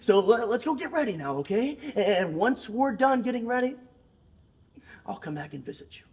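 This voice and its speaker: A man cutting a taunting wrestling promo, mocking and sing-song, dropping to a hush and then bursting into yells. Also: very high-pitched, big pitch swings, normal speed. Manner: mocking, sing-song, swings from hushed to yelling.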